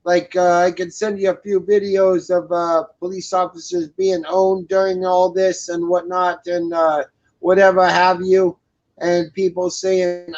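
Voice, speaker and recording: A man's voice: high voice, flat delivery, measured pace. Crude, rambling man on lo-fi audio. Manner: crude, rambling, repeats himself with many fillers. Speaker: co-host. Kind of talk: casual profane chat. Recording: dull lo-fi sound.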